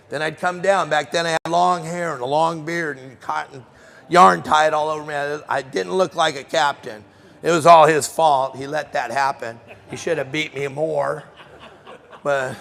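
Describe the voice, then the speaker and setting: In a trade show hall, a middle-aged man runs a live fishing seminar, teasing and quizzing people in the crowd by name. His voice sits high and is gravelly with a fairly bright tone, and the room adds long reverb.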